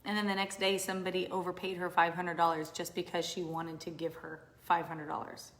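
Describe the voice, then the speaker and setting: Woman business coach on a live stream, animated, swings from whispers to loud exclamations, roomy echo. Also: lowish voice, fairly quick. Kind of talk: casual live stream talk to viewers.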